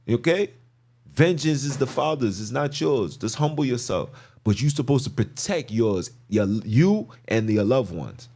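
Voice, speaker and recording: A man's voice: medium pitch, darkish tone. A man hosting a podcast, preaching on scripture in an emphatic, slangy way, repeating phrases for stress. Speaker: podcast host.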